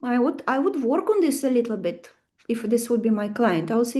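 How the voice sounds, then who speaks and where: High-voiced woman teaching astrology. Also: fairly quick. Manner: animated, asks the class questions, acts out stories. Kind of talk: live lesson with stories.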